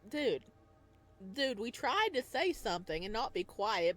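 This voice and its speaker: A woman playing a game, reading its narration aloud and reacting excitedly, talking back to the character. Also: fairly high pitch, unhurried. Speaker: game player.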